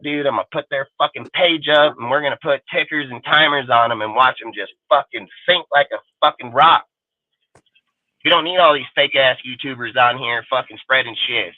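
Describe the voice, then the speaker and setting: A man's voice: a little high, dry recording. Angry, profane man ranting on a tinny line. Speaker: host of a fan livestream. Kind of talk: profane ranting livestream talk. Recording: dry, phone-like narrow sound.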